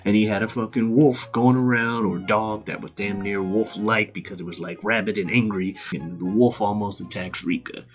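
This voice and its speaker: A man's voice: on the low side, moderate pace, few pauses, soft background music. A man recapping a story casually, with lots of swearing and laughter. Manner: profane, laughing, animated. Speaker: series host.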